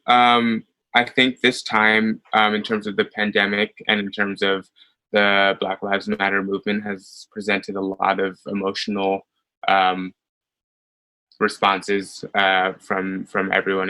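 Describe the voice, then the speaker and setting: A man in his thirties with an American accent, a ballet dancer telling stories in an interview, animated and full of fillers. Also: fairly low pitch, rough recording. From United States. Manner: animated storytelling with frequent fillers and laughs. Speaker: ballet soloist guest. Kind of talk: conversational interview.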